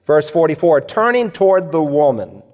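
A man preaching a sermon as pastor, speaking in measured, emphatic phrases and repeating key lines for weight. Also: fairly high pitch, big pitch swings, a little mellow. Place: church sanctuary. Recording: long reverb of a large hall.

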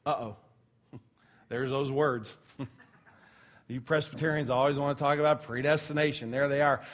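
A man's voice: medium pitch, steady tone, moderate pace, a little hiss or hum. A middle-aged man preaching a sermon as pastor, talking conversationally with asides and self-corrections, sometimes dropping almost to a whisper. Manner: drops to a near whisper when telling a quiet story.

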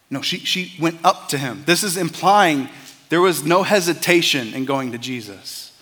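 A man's voice: on the high side, fairly quick, sharp tone, big-room sound. A man preaching a sermon as a pastor, earnest and conversational, often repeating words as he starts a phrase.

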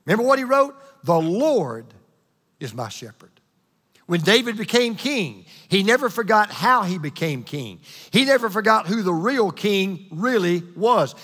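Lively high-voiced preaching man. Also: long reverb tail. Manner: emphatic, repetitive preaching cadence, slows down for key lines. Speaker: pastor. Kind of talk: sermon. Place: church hall with congregation.

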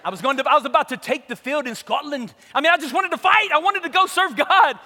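A male pastor telling a comic story in a sermon, acting out the people in it with lively energy. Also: very high voice, quick pace. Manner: animated, comic, acts out the people in his story. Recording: long reverb of a large hall.

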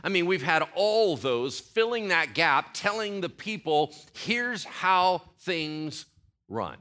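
A man's voice: high voice, sing-song, slow, sharp tone. A middle-aged man preaching a sermon in a conversational way, often asking the congregation questions. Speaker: pastor.

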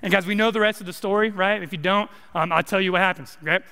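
Young male college minister, bright voice. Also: high-pitched, fairly even intonation, fast, clear, resonant tone. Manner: casual, joking preaching with many likes and rights. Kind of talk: sermon. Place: church sanctuary. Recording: long hall reverb.

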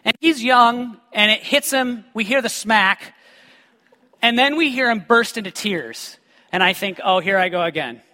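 A man preaches in a large hall, his voice high and bright, ringing with a long reverb. He weaves scripture with lively personal stories and tosses joking asides to the congregation. The delivery is animated and full of humor. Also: measured pace. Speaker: pastor. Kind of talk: sermon with personal storytelling.

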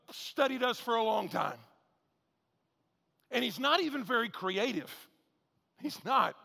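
A male pastor preaching a sermon with a high, bright voice full of gravelly fry. He keeps it conversational, punches points with near-shouts, then drops into low, quick asides. A long reverb from a big hall trails each phrase.

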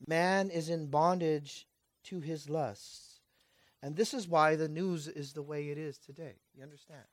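A man preaching a sermon with passion, swinging between loud urgent peaks and hushed asides, and throwing rhetorical questions at his congregation. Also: fairly high pitch, steady tone, measured pace, no echo, studio quality.

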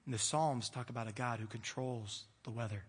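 A man preaching a sermon, animated and playful, acting out the voices of the disciples. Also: medium pitch, fairly quick, breathy edge. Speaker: pastor. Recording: long hall reverb.

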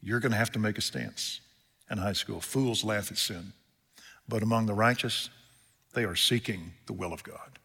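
Impassioned preacher with bright hall reverb. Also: male voice, on the low side, animated, normal speed, slightly rough. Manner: impassioned, swings from loud to hushed; retells scripture scenes in plain speech. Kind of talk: sermon.

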